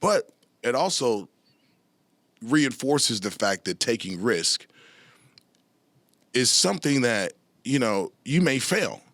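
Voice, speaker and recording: A middle-aged man talking as a podcast guest, telling animated stories, laughing often and swearing freely. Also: mid-range voice, slow pace, pauses often, dry recording. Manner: laughs often, swears freely, repeats "you know what I'm saying". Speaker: guest musician and actor. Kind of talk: animated storytelling in casual chat.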